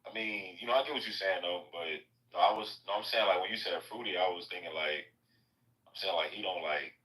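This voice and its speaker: Deep, bright-toned young man bantering. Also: fairly quick, roomy sound, low-quality recording.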